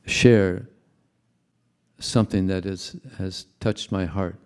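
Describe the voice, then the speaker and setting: An older man giving a devotional talk at a temple tells his congregation stories in a relaxed, chuckling, conversational way. His deep voice is smooth and darkish, taking things slowly with fairly even intonation.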